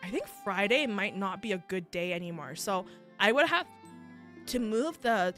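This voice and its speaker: A woman's voice: mid-range voice, lively intonation, moderate pace, fairly bright tone, soft background music. A young adult woman streaming a casual chat, telling rambling stories full of fillers like "like" and laughing often. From United States. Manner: rambling storytelling with many fillers and frequent laughter. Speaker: VTuber streamer.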